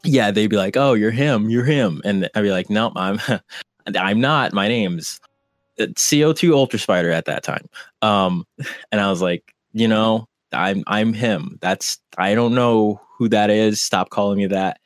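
Podcast guest: a low-pitched man, halting and casual, recorded dry. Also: no echo. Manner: hesitant, many fillers and restarts. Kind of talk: casual conversation.

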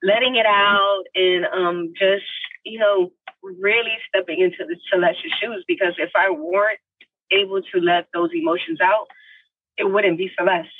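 Husky-voiced young woman telling her story. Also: normal speed, distant mic, narrow, tinny audio. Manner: animated, emotional, acts out quotes with big pitch jumps; heartfelt, faith-filled tone. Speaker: actress guest. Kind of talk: podcast interview storytelling.

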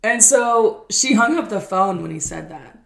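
A young woman co-hosting a podcast, telling a story in a casual, animated and profane way while acting out what people said. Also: medium pitch, unhurried, gravelly, a little hiss or hum. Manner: animated, profane, acts out quotes. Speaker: podcast co-host.

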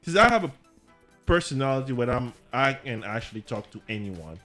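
Brief: young African man, casual gaming chat, lively storyteller, faint music behind. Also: mid-range voice, brisk. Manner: animated storyteller acting out other voices. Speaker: co-host gaming while chatting.

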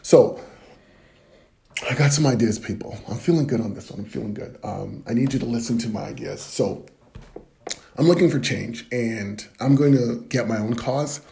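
A man's voice: medium pitch, normal speed, creaky, mellow. A man performing a rambling comedic monologue to the camera, swinging between flustered apologies and mock-earnest preaching.

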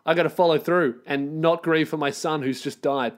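A man's voice: fairly high pitch, steady tone, normal speed. A man, hosting a solo podcast and ranting in a profane, exasperated, sarcastic way. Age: 20s. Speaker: podcast host.

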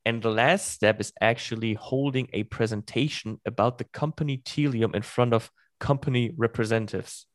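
A man's voice: medium pitch, no room sound. Podcast guest, man, late twenties, stop-start casual delivery, dry close sound. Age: 20s. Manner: halting, many restarts and fillers. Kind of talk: casual chat.

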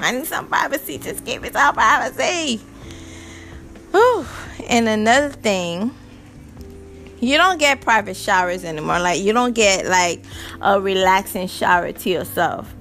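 A young adult woman hosting her own podcast, telling exasperated stories about parenting with frequent laughter. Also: mid-range voice. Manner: animated, laughing, exasperated storytelling. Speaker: podcast host. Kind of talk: casual monologue.

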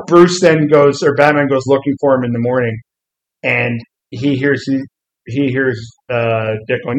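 A man's voice: mid-range voice, normal speed, poor audio. A man in a casual comics chat who retells scenes with lots of energy and acts out the quotes. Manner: animated storyteller, acts out quotes.

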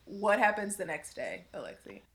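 Bright-voiced animated woman co-host. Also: mid-range voice, moderate pace, gravelly. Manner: animated storyteller, laughing often. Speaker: podcast co-host. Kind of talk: casual chat.

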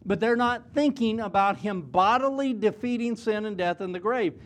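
A man's voice: high voice, moderate pace, few pauses. A man, middle-aged or older, preaching an earnest chapel sermon to students, often repeating a word as he starts a phrase. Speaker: college president preaching in chapel. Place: chapel service before students.

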